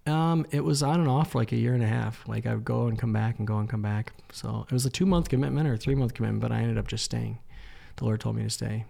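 Guy with a gravelly voice, excited story, talks in "like"s, acts out what people said. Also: mid-range voice, fast, hardly any pauses. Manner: animated storyteller, acts out quoted lines, frequent "like". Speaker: interview guest, missionary. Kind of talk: casual storytelling interview.

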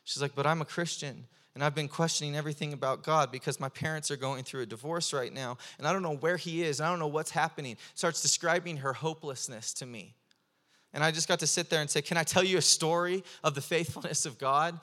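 Young male preacher, fervent sermon delivery, pitched a bit high, animated storytelling. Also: fast talker, in a large hall.

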